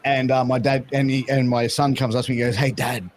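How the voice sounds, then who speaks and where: A man's voice: mid-range voice, flat delivery, fast talker. A man hosting a podcast, chatting casually and rambling through stories with lots of restarts and fillers. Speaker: podcast host. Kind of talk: casual chat.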